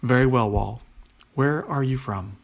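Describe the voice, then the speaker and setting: A man's voice: medium pitch, a little slow, gravelly. A man voicing a commanding young princess who speaks graciously and takes charge.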